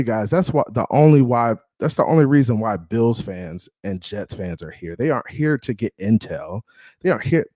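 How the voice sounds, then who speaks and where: A man's voice: mid-range voice, mellow, no echo, clean studio sound. A man hosting a casual sports livestream, greeting viewers and trash-talking rival fans. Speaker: livestream sports show host. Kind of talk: casual live-stream banter.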